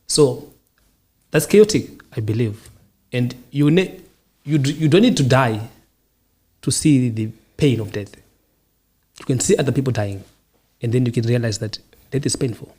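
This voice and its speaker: Podcast host, male, husky tone, calm and reflective answers in repeated short lines. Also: mid-range voice, normal speed, long pauses. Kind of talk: casual interview answers.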